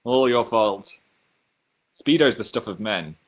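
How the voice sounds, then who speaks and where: A man's voice: lowish voice, lively intonation, slow pace. A young man with a Northern English accent, casually chatting on his own livestream and reading out viewer comments in a chatty, self-mocking way. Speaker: livestream host.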